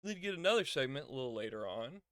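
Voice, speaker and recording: A young man talks through a show in a relaxed, chatty way, laughing often and acting out what people said. His voice is bright and crisp. The sound is dry and close. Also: medium pitch, fast talker, no echo. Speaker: wrestling reviewer. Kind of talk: casual show review.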